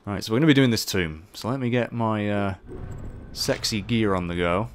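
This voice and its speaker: A man doing casual live commentary while playing, excitable, swearing often and chatting with his viewers. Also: lowish voice, moderate pace, slight background noise. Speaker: game streamer.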